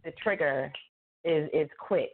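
A woman's voice: low-pitched, a little slow, slight background noise. A woman author chatting casually, telling stories and acting out quoted lines with laughter. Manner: animated storyteller, acts out quotes, laughs often. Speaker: guest author. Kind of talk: casual chat. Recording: tinny phone-like line.

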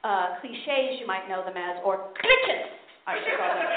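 High-voiced female stand-up, self-mocking punchlines, echoey room with noise behind. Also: sing-song, unhurried, hardly any pauses. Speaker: stand-up comedian. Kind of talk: stand-up comedy set. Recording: echoey tinny live recording with noise.

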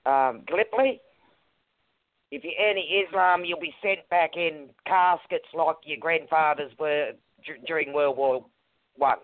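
A man's voice: a little high, measured pace, no echo. A man from Australia with an Australian accent, a guest on a talk radio show, who speaks bluntly, uses slang and swears. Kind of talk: casual talk radio discussion. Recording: tinny phone-like line.

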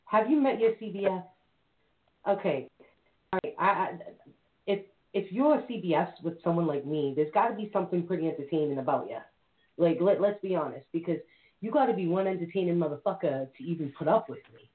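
A woman's voice: lowish voice, expressive, fairly quick. A woman hosting a live call-in talk show, talking in a brash, bawdy, playful way. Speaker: host. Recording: tinny phone-line audio with faint hiss.

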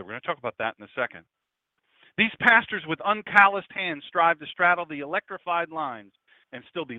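A man preaching an impassioned broadcast sermon, swinging between loud declarations and hushed asides. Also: fairly high pitch, no echo. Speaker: pastor. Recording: dry, phone-like lo-fi sound.

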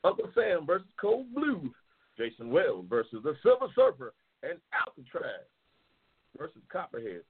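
A man hosting a casual talk show who reads out race matchups, loud, profane and excitable, sometimes yelling. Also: on the high side, moderate pace, breathy edge. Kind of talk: casual livestream chat, reading race matchups. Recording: tinny phone-like sound.

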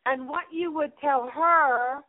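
A woman's voice: high-pitched, slow, no room sound. A middle-aged woman hosting a radio advice show. She speaks emphatically, repeats key phrases and addresses her listeners fondly. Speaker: radio show host and numerologist. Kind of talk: inspirational radio advice talk. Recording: narrow phone-like line, dry.

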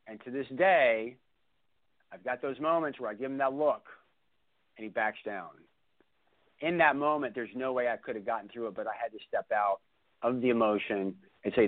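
A man's voice: medium pitch, dry recording. Man, radio show host, emphatic repetitive storytelling, dry tinny phone sound.

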